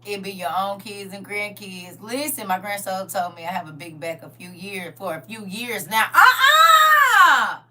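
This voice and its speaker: A middle-aged woman hosting a livestream, telling family stories in a lively, laughing, colloquial way. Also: medium pitch, normal speed, hardly any pauses. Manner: animated, laughing, colloquial storyteller who talks straight to viewers. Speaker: livestream host. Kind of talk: casual storytelling chat. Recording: distant mic with faint hum.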